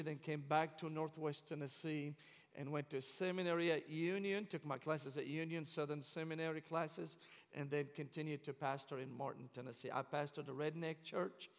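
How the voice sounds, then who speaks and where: A man's voice: fairly high pitch, fairly bright tone. A middle-aged man with a Syrian accent, preaching a sermon with passion and humor in a large church sanctuary. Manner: passionate, joking storyteller. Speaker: guest preacher. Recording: long church reverb.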